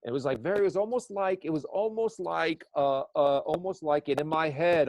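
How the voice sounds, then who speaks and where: A man's voice: a little high, brisk, few pauses, darkish tone, no room sound. A man who works as an eyewitness sketch artist, talking in a casual podcast conversation and rambling with many restarts.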